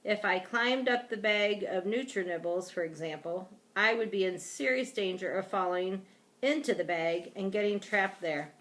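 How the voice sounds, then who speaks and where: A woman reading a children's chapter book aloud, unhurried and expressive on the exclamations. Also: medium pitch. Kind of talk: storybook read-aloud.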